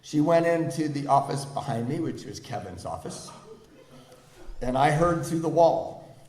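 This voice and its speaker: A man's voice: a little high, expressive, normal speed, darkish tone. A middle-aged man from the United States, a guest speaker at a recovery meeting, telling his own story to a live audience and acting out the people in it, laughing often. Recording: echoey meeting hall with faint ambience.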